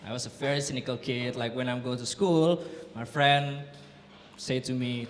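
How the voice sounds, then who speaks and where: A young man with an Indonesian accent doing a stand-up comedy set, telling dark jokes with deadpan timing. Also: normal speed, slight background noise. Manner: deadpan delivery of dark jokes, lively swings in pitch. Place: comedy club stage before a laughing audience. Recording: roomy club echo with audience laughter.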